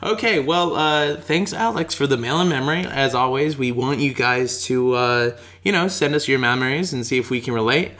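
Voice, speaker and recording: A man co-hosting a relaxed podcast conversation. His voice sits at an ordinary middle pitch, and he talks with a playful, teasing bent, often breaking into laughter. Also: normal speed, few pauses. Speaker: podcast co-host. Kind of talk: casual chat.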